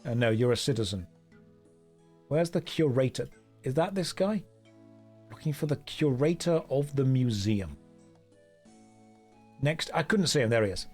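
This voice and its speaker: A man's voice: mid-range voice, expressive, a little slow, long pauses, a little mellow, soft background music. A man streaming a game, chatting casually, joking and reading chat aloud. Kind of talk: casual gameplay commentary.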